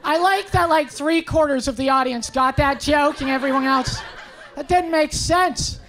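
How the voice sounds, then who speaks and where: High-voiced brash comic. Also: male voice, normal speed, a bit bright. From Canada. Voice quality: high-pitched voice. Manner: brash, profane, self-mocking, banters with the crowd. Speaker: stand-up comedian. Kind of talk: stand-up comedy set. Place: comedy club stage. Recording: live club set with crowd noise. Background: audience laughter.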